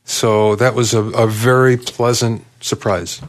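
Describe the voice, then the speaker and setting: A man co-hosting a podcast, chatting in a relaxed, matter-of-fact way about his studio work. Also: mid-range voice, unhurried. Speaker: music producer, podcast co-host. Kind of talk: casual chat.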